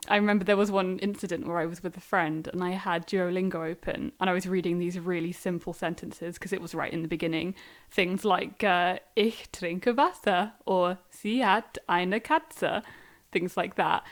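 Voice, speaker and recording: A woman's voice: fairly low pitch, fairly quick. A woman, a guest learning German, answering casually in a chatty way and laughing easily. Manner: chatty, laughs easily, animated when recalling.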